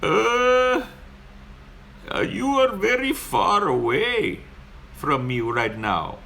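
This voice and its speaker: A man's voice: high voice, animated, drawn-out words, gravelly, pushed and bright, a little hiss or hum, voice pushed up, heavily acted. A man voicing a flustered, overly polite male rideshare driver who keeps calling people sir. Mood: polite, hesitant. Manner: apologetic, repeats "sir".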